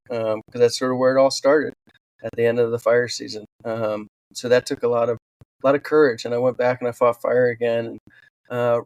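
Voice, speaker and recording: A man's voice: mid-range voice, no room sound. Earnest man telling stories in an interview. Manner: earnest, animated storytelling with fillers. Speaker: podcast guest, wildland firefighter and author. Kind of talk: storytelling in a casual interview.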